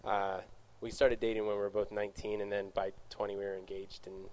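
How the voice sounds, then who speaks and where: This man's voice is lowish and a little dark, and his tone stays level. Talking casually to young adults in a Q&A, he tells his own story, rambling, correcting himself often and throwing in quick asides. He is a youth speaker.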